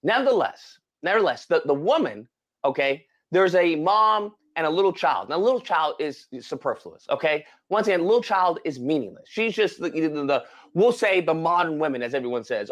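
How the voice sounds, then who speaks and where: A man with a high, very lively voice retells a film plot in a relaxed podcast chat. His pitch swings widely as he acts out the characters and sighs dramatically over them. He keeps checking in with his listener as he goes. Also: brisk. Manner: animated storytelling with dramatic exclamations. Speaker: podcast co-host. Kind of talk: casual chat.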